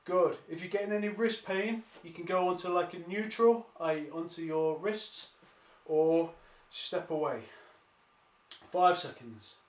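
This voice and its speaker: Male calisthenics coach, high voice, echoey room at home, upbeat follow-along cues. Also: unhurried. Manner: encouraging, counts down reps, trips over words. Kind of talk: follow-along workout instruction. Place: home during lockdown, exercising on the floor.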